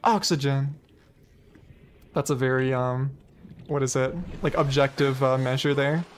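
Speaking at a measured pace with a steady, medium-pitched tone, a young man gives live gameplay commentary over faint game music. He chats and rambles but shrieks and laughs when something startles him, and the audio carries slight hiss or hum.

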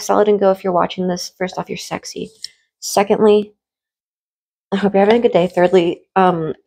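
A woman in a casual mukbang chat, eating and rambling in a hushed tone, full of fillers and the odd swear. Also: mid-range voice. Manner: speaks in a hushed tone while eating. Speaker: food vlogger and streamer.

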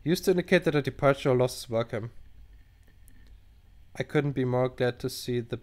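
A man's voice: medium pitch, normal speed. A man playing a chat-based game, reading the dialogue aloud and cutting in with sarcastic, crude asides. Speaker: let's play gamer. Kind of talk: casual let's play commentary. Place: at home at a computer.

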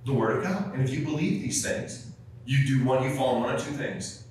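A man preaching a sermon in a folksy, fervent, animated way, often stumbling over fillers. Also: mid-range voice, fairly quick, a little hiss or hum. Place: large church sanctuary. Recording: very echoey church from far off.

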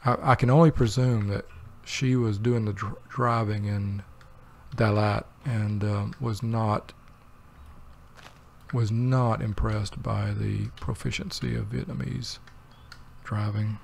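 Guy doing a game commentary, gravelly voice, wanders off topic a lot with dry little jokes and lots of ums, bit of hiss. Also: on the low side, fairly even intonation, slow, a little mellow. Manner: meandering, wry, thinks aloud with many fillers. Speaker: let's play host. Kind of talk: rambling gameplay commentary.

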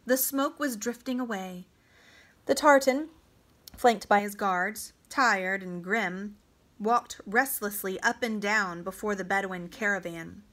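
Woman reader for a student audiobook; slow, dramatic, deliberate narration. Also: medium pitch, a bit bright. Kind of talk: reading a novel aloud.

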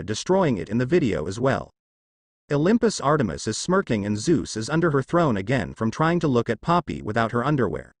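A man narrating a fanfiction story aloud. His voice is mid-pitched and moves lively up and down. The recording is close and dry. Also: dry recording. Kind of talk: fanfiction reading.

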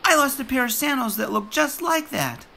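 A friendly, easygoing little boy from a children's storybook, as the reader puts him on. He speaks in a high, chirpy voice that sounds bright and lively. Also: normal speed, gravelly, heavily acted.

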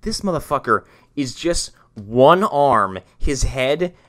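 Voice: medium pitch, expressive, slow pace, a bit bright. A podcast co-host riffing on a movie in a rambling, profane way with many fillers. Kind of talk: casual movie-riffing chat.

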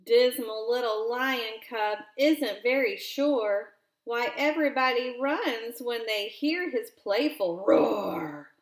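A woman reads a counting picture book aloud, very slowly and with expression, stopping to ask a child gentle questions. Her voice sits a little high. A roomy echo hangs around it.

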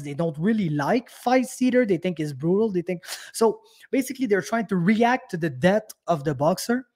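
A man's voice: sits high, a little mellow. Furious, cursing man. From Quebec. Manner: heated, profane, repetitive restarts. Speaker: podcast host. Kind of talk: angry casual rant.

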